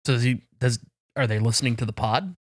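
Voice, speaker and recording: A man's voice: medium pitch, quick pace, no echo, clean studio sound. A man co-hosting a podcast, teasing the others with joking questions in casual chat. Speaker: podcast co-host.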